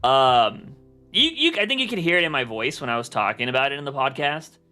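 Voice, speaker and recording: A man's voice: medium pitch, very animated, brisk, bright, forceful tone, soft background music. A young man chatting casually on a livestream, rambling with lots of fillers and restarts. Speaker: streamer.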